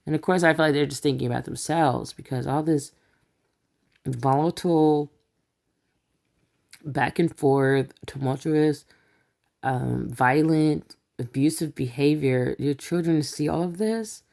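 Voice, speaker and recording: A woman's voice: deep voice, unhurried, gravelly, pauses often, darkish tone. A woman hosting a celebrity gossip channel, reading news quotes aloud and breaking off with sarcastic asides in a casual commentary style.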